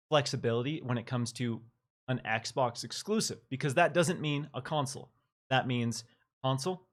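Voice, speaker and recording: A man hosting a casual live-streamed gaming chat, talking with animated energy and reading out viewer messages. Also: mid-range voice. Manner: animated, reads viewer comments aloud. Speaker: podcast host.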